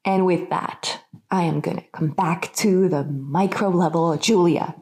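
Rambling low-voiced woman, lots of fillers. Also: unhurried, darkish tone. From Nordic Europe. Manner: rambling, many fillers, frequent laughter. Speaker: podcast co-host. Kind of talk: casual chat.

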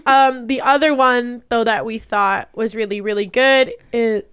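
A woman's voice: on the high side, fairly even intonation, a little slow, a bit bright, clear, resonant tone. A woman co-hosting a casual chat, giggly and gushing, swearing freely. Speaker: co-host.

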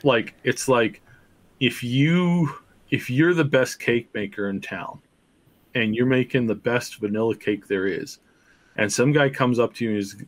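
Animated man spinning a theory. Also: medium pitch, measured pace. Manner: animated, talks himself into theories. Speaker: podcast co-host. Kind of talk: casual podcast chat.

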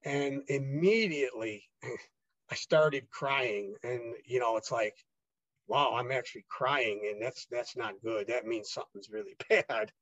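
A man's voice: medium pitch, unhurried, fairly bright tone, no room sound, highs cut off. A man being interviewed, telling his own story in a loose, rambling way, with many fillers and restarts as he re-enacts the dialogue. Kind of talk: casual conversational storytelling.

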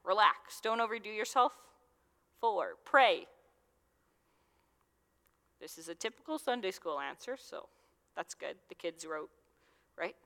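A woman's voice: mid-range voice, lively intonation, measured pace, long pauses, fairly bright tone. A young adult woman giving a casual, conversational sermon as a youth minister, with lots of fillers. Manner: chatty, conversational, with many fillers. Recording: long hall reverb.

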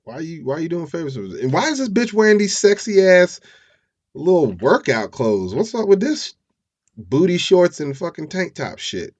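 A man's voice: fairly low pitch, animated, moderate pace, highs cut off. A man voicing a fed-up young woman who scolds in blunt, profane slang. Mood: angry scolding.

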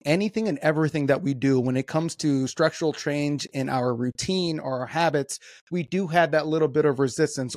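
This podcast host keeps the interview chat casual and relaxed, cursing freely and filling his speech with fillers. He speaks at a fairly high pitch, captured in clean studio audio without any room sound.

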